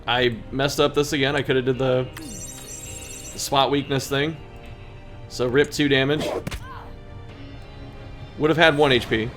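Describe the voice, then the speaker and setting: A man's voice: mid-range voice, steady tone, measured pace, pauses often, music in the background. A man hosting a gaming video, reading in-game story text aloud and commenting on his turns, poking fun at his own mistakes. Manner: self-deprecating, laughs at own mistakes.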